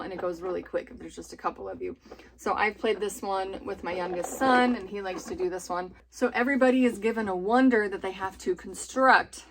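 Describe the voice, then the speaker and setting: Bubbly homeschool mom chatting about games. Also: female voice, mid-range voice, noisy background. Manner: bubbly and enthusiastic, laughs often. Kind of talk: casual chatty review.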